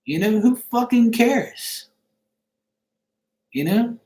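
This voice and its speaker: A man's voice: very high voice, lively intonation, takes it slowly, darkish tone. Rambling middle-aged man, echoey room. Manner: rambling, repeats "you see what I'm saying". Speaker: live-stream host. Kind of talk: casual chat to viewers.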